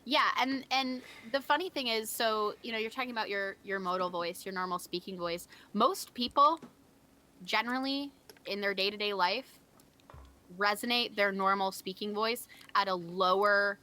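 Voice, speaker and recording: A woman's voice: medium pitch, moderate pace, sharp tone. A young woman co-hosting a game stream, explaining singing technique casually with many fillers. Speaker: co-host.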